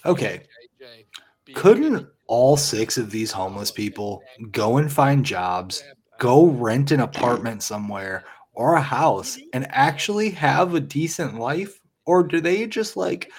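A man's voice: medium pitch, sing-song, a little slow, husky. A man co-hosting a casual movie commentary, blunt and profane, laughing often. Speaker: podcast co-host.

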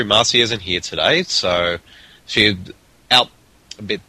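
A man's voice: lowish voice, slow pace, pauses often, pushed and bright, husky, no room sound, rough recording. A man with an Australian accent hosting a casual podcast, rambling with plenty of restarts and fillers. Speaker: podcast host.

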